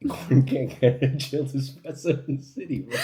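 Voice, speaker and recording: A man from New York tells a travel story with a hugely lively voice that swoops up and down as he laughs through it. His pitch sits in a middle range, and he keeps a loose, casual storytelling flow. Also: unhurried.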